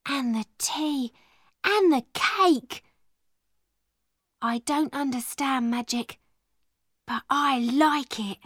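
A woman's voice: sits high, extremely slow, long pauses, a bit bright, no room sound, studio quality, full character voice. A woman voicing a timid young servant girl who asks eager, breathless questions. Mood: amazed.

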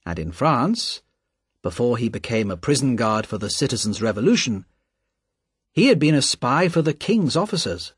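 A man giving a slow, deliberate, expressive storybook narration. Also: medium pitch, breathy edge, dry recording, clean studio sound.

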